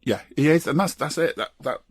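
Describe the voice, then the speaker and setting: A man co-hosting a football podcast, talking in a lively way and laughing between points. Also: fairly high pitch, brisk, husky, no echo. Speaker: podcast co-host. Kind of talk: casual football chat.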